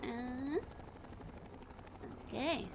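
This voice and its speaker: A woman's voice: high voice, extremely slow, background noise. Giggly Dutch-accented woman streamer. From Netherlands. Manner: giggly, laughs often, answers chat. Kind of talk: casual chat while playing a game.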